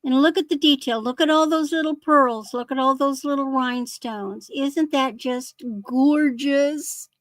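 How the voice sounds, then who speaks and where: A woman's voice: high voice, a little slow, few pauses, no room sound. A woman hosting a live vintage sale, gushing over jewelry details. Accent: American. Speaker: online vintage seller. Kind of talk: live sale show chat.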